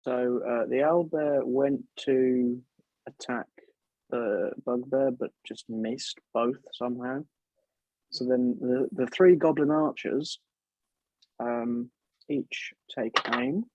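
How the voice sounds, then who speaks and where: Male dungeon master, slow deliberate narration, dry dull lo-fi sound. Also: medium pitch, a little mellow, no echo. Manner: unhurried, halting narration with many fillers. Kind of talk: narrating a tabletop game.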